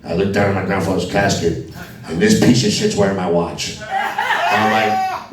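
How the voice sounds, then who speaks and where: A man from Alabama tells crude, profane stand-up stories on a comedy club stage. His voice sits a little low and comes from some distance off the mic. The room is echoey, and the crowd laughs loudly throughout. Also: huge pitch swings, moderate pace, long pauses.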